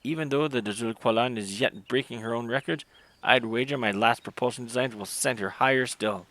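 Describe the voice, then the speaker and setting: Brisk, confident male engineer in a game, wordy and quick, read by a man. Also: mid-range voice, fairly bright tone, close to an everyday voice. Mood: welcoming.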